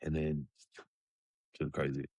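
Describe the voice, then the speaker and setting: Very deep-voiced laid-back man swearing freely. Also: completely flat delivery, slow pace, mellow, no room sound, studio quality. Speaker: podcast guest, retired pro basketball player. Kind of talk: casual storytelling interview.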